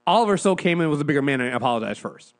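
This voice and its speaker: A man co-hosting a casual review podcast, slangy and animated, laughing often. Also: fairly high pitch, very fast. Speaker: podcast co-host.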